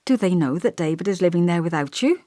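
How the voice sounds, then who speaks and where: A woman's voice: lowish voice, animated, fast, dark tone, dry recording, studio quality, natural voice. A woman reading the part of an earnest young woman in an audiobook, speaking tentatively and coaxingly. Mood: bewildered.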